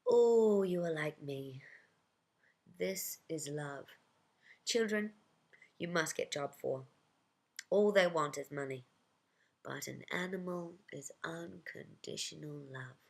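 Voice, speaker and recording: Old Russian grandma, as told by the narrator, gravelly smoker's voice, cooing, blunt broken English. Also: female voice, low voice, slow, pauses often, heavily acted. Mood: earnest. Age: older. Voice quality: smoke-laden voice.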